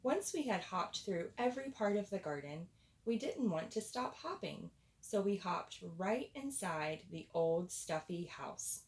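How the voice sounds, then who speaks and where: A woman reading a children's picture book aloud in a playful, expressive storytelling voice. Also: mid-range voice.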